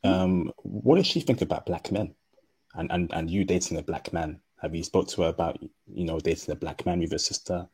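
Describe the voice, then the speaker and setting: A man hosting a livestream, speaking slowly and deliberately with a non-native English accent. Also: sits low, creaky, a little mellow, slightly rough. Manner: slow, deliberate speech. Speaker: livestream host. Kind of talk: casual livestream talk.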